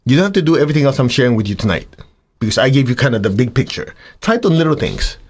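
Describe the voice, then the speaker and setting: A man teaching students about spiritual practice in a lively, conversational way. He keeps jumping into little acted-out voices, sometimes high and exaggerated, then settles back into a calm middle-pitched delivery. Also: very fast, slightly rough. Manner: animated, acts out voices of students and himself.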